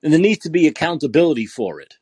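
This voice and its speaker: A man hosting a podcast, delivering an angry, profane political rant full of repeated rhetorical questions and yelling. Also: fairly high pitch, lively intonation, fast, breathy edge, no room sound. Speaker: podcast host.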